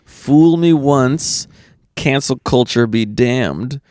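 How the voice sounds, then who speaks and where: A man co-hosting a podcast, reading out news items and landing deadpan puns in casual comedic chat. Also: medium pitch, slow, dry recording, clean studio sound. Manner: deadpan joke-telling, trails off with fillers. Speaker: podcast co-host.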